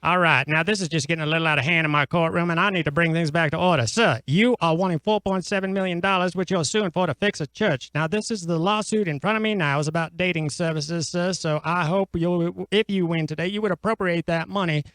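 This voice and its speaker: A man's voice: fairly high pitch, fast talker, hardly any pauses, fairly bright tone, no echo, natural voice, poor audio. A man on an improv comedy radio show playing a pompous, long-winded judge who mangles big words. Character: blustering, pompous male courtroom judge. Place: radio studio. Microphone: studio mic.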